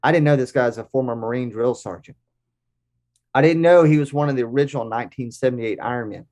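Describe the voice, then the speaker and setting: An American man in his forties, a podcast guest telling lively anecdotes. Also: medium pitch, fast. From United States. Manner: lively anecdotes with acted-out quotes. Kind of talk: casual storytelling.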